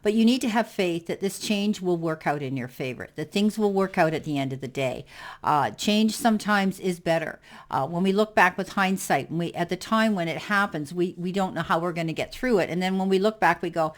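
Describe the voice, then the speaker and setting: Woman tarot reader, fairly low voice, reassuring, filler words. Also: a little fast. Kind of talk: tarot card reading.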